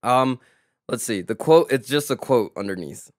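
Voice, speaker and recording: A man co-hosting a podcast who chats casually, reacts quickly, swears and laughs often. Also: mid-range voice, expressive, no room sound, clean studio sound. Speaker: podcast co-host. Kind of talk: casual chat.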